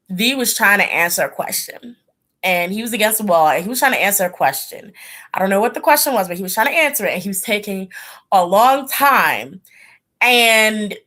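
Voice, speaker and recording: A woman hosting a casual livestream, telling stories in an animated, chatty way with frequent laughs. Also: mid-range voice. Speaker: tarot channel host.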